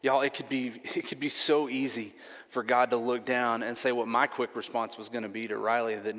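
Man, preacher, mid-pitched voice, earnest storytelling, long hall reverb. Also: little pitch movement, moderate pace, fairly bright tone. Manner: earnest storytelling with many repeats and restarts. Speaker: pastor. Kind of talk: sermon.

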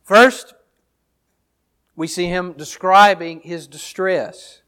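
High-voiced man preaching a sermon. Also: fairly even intonation, slow pace, sharp tone, clean tone. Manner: earnest teaching tone, repeats phrases while explaining. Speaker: pastor. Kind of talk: sermon, Bible reading and exposition.

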